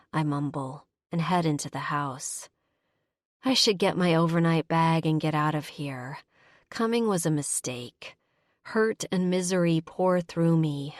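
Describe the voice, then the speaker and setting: A woman reads a first-person romance in a measured, intimate manner. Her voice sits a little low and moves at an unhurried, very slow pace. The recording is dry and close. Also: no room sound. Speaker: audiobook narrator.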